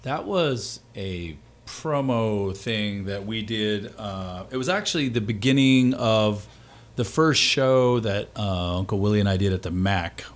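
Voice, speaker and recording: A male performer chats as a radio guest in a relaxed, easygoing way, rambling a little as he goes. His voice sits fairly low. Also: measured pace. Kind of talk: casual interview chat.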